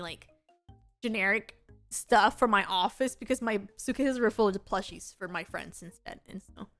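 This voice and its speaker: A young woman VTuber chatting casually on stream, telling stories in an animated way with lots of laughter. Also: fairly high pitch. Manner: animated storytelling with frequent laughter.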